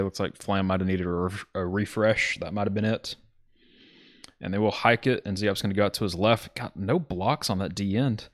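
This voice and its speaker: A man's voice: fairly low pitch, no echo, studio quality. A man from Alabama with a Southern accent, giving casual, rambling play-by-play commentary on a streamed game and often correcting himself as he goes. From Alabama, USA. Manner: rambling, self-correcting, chatty with his chat.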